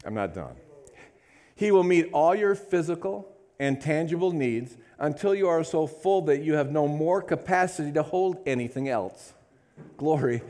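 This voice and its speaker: A man's voice: on the high side, animated, normal speed, warm tone. A man preaching a sermon to a congregation, fervent, repeating phrases and calling out to the room. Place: church service.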